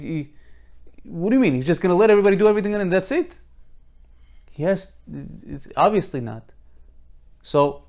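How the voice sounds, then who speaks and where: A man's voice: sits high, darkish tone. A man giving an informal Torah lecture, emphatic and full of rhetorical questions, often restarting his sentences. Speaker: Torah teacher.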